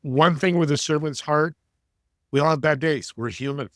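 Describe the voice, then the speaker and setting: A man's voice: fairly high pitch, normal speed, no echo, studio quality. A man who is an entrepreneur and podcast guest, telling stories in an earnest, preachy, motivational way. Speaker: entrepreneur and networking coach, guest. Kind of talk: interview storytelling.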